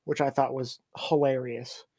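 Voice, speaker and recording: A man's voice: mid-range voice, little pitch movement, unhurried, darkish tone, husky. A man chatting casually as a guest voice actor, easygoing and jokey. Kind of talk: casual chat on a livestream.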